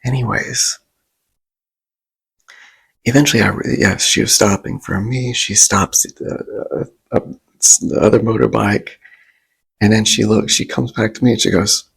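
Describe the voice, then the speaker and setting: A man telling a rambling story in a soft ASMR vlog, often stopping to restart his sentences and acting out what others said. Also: lowish voice, a little slow, pauses often. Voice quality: raspy, breathy and gravelly. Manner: rambling, self-interrupting, animated quoting of others. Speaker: vlogger.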